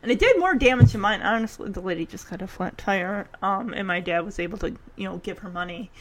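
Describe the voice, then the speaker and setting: A woman commenting casually on a TV episode, telling the story in an animated way and acting out the characters. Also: medium pitch, quick pace. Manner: chatty, with many fillers and restarts. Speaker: reaction video host.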